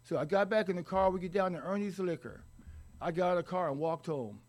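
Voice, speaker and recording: A middle-aged man telling his own recovery story in a rambling, halting way with wry humor. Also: high voice. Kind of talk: personal recovery story told to an audience.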